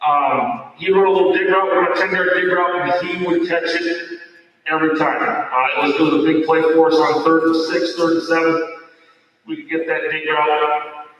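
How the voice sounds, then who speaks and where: A middle-aged football coach speaks at a team awards night in a fairly high voice, folksy and rambling, with plenty of fillers and restarts. He is picked up from across a large hall, so his voice booms and trails off in a long echo. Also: fairly even intonation, normal speed, a bit bright, highs cut off. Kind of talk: end-of-season awards speech. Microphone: far from the microphone. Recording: echoey hall from far off.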